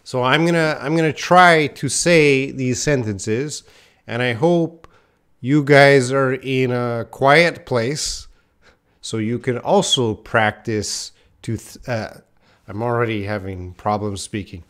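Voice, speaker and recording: Male English teacher, live-stream lesson, unhurried delivery, mid-range voice, relaxed and self-mocking. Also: mid-range voice, clean tone. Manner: casual, self-deprecating, addresses viewers by chat names.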